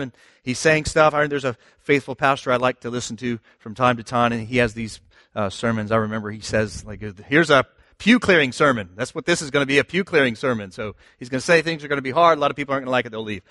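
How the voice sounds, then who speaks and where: A man's voice: mid-range voice, fairly bright tone, dry recording, studio quality. A man pastor preaching a sermon in a conversational, emphatic way, often asking the listeners rhetorical questions.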